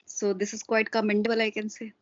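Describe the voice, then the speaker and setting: A woman's voice: medium pitch, completely flat delivery, quick pace, muffled recording. A woman as a conversation partner, speaking in an encouraging, hesitant way. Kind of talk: casual conversation practice.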